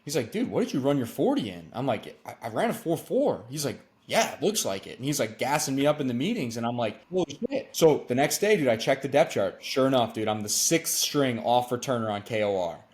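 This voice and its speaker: A young man telling his own stories as a podcast guest, talking casually and full of slang. He gets excited and bounces his voice up when acting out what others said. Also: a little fast, hardly any pauses. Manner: excited, slangy, acts out quotes with pitch jumps. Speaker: podcast guest, former quarterback. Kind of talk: casual storytelling chat.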